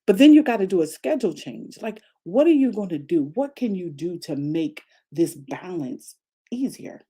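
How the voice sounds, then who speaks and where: A woman pastor giving a lively motivational faith talk, repeating phrases for emphasis and firing rhetorical questions. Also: on the low side, moderate pace, breathy edge. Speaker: pastor and coach.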